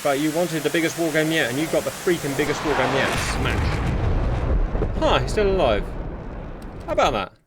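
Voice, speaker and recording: A man commentating on a simulated air and sea battle, excitable and sarcastic, talking straight to his viewers. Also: on the high side, moderate pace, pauses often. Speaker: war game commentator. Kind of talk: live gameplay commentary. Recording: steady hiss behind the voice.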